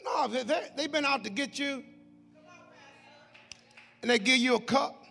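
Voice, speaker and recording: A man preaching a sermon as pastor, joking with the congregation in laughing asides and building to shouted preaching. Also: very high-pitched, unhurried, vocal fry, long pauses, in a large hall. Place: church sanctuary.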